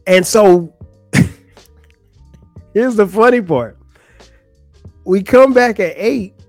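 A man's voice: on the high side, no echo. Exasperated man telling a story. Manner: animated, exasperated storytelling with many restarts. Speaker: podcast host. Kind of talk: casual storytelling monologue.

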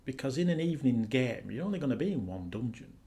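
A man co-hosting a podcast, dry and teasing, explaining his points with measured pauses. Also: medium pitch, very animated, warm tone. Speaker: podcast co-host. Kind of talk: casual podcast chat.

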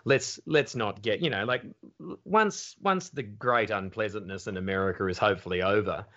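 A man with an Australian accent, a comedian telling stories in casual podcast chat, animated and swearing freely. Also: on the low side, normal speed. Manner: animated storyteller, swears freely, acts out quotes. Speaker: comedian guest. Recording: dull lo-fi audio.

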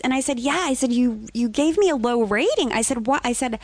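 A woman in casual conversation, telling a story animatedly and acting out the voices of others, at times rising to near-shouting. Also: high-pitched, fairly quick, dry recording. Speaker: guest author.

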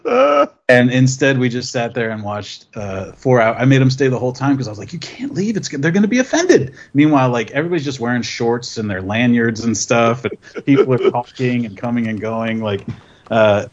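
Man, easygoing storyteller, jokes, slightly muffled lo-fi audio. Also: medium pitch. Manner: laid-back, joking anecdotes. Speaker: comic creator guest. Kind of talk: casual storytelling chat.

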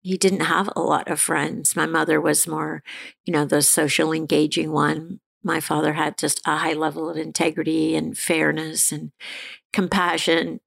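A middle-aged woman candidly telling her personal recovery story as an interview guest, halting and restarting as she talks. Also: low-pitched, flat delivery, vocal fry, a bit bright. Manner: halting, frequent restarts and fillers, laughs now and then.

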